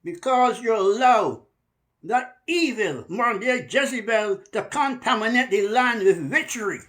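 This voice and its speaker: A man from Barbados giving a fiery preaching monologue, hammering his points and stretching key words out slowly. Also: very high voice, lively intonation, a bit bright.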